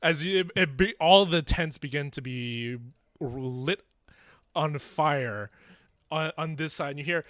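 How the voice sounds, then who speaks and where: A young man runs an online tabletop game, narrating the scene in loose, self-correcting bursts. His voice sits a little high for a man and sounds bright and forward. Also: unhurried, no room sound. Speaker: game master.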